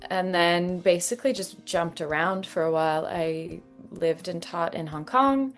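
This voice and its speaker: A Canadian woman in her thirties, an actress and dialect coach telling her story in an interview, lively and often laughing. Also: fairly low pitch, measured pace, faint music behind. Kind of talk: conversational interview.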